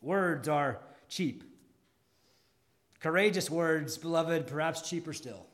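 A male pastor preaching a sermon, deliberate and dramatic, pausing often and swinging between emphatic and hushed delivery. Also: on the high side.

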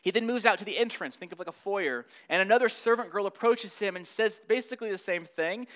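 A man's voice: sits high, brisk, few pauses, fairly bright tone. A man teaching a Bible study lesson, acting out the quotes with rising and falling intensity.

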